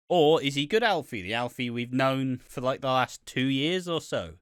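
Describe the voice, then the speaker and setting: A man's voice: medium pitch, moderate pace, few pauses, fairly bright tone, smooth, dry recording, studio quality. A man from Britain co-hosting a podcast, chatting casually and animatedly about a soap episode, often swearing and acting out lines. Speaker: podcast co-host.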